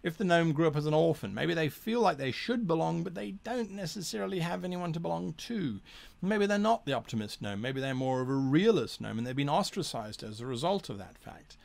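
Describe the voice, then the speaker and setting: Animated man giving tabletop game tips. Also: fairly high pitch, brisk, gravelly. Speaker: tabletop game advice host. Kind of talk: casual explanatory talk to camera.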